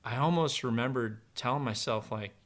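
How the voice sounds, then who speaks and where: A middle-aged man, a former pro archer, telling long relaxed stories with plenty of fillers in a casual podcast conversation. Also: mid-range voice, normal speed. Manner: relaxed, rambling anecdotes with many fillers.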